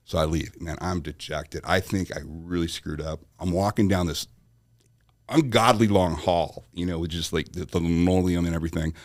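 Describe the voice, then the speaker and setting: A man with a very low, deep voice tells a long story as a podcast guest. He is animated and acts out the voices of people in his story. The sound is dry and close. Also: brisk, no echo. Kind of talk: storytelling in conversation.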